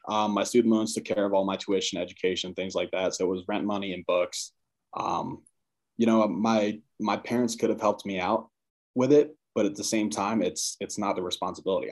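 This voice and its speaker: A man guesting on a podcast, casually telling a personal story and acting out his parents' lines. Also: low voice. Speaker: podcast guest, former college football player.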